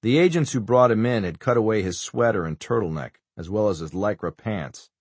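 A man reading a thriller audiobook as narrator, in a measured way. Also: fairly low pitch, expressive, a little mellow, breathy edge, no echo. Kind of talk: scripted narration.

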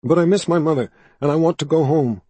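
A man's voice: fairly high pitch, fast talker, mellow, breathy edge, no echo, voice pushed up. A man reading an audiobook voices a frightened, shy young boy who speaks weakly and timidly.

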